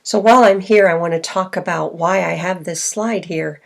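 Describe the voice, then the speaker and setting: A woman literacy consultant giving a recorded teaching presentation, speaking clearly and slowly stretching out example words for listeners. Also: fairly low pitch. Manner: clear instructional delivery, slow modeled words.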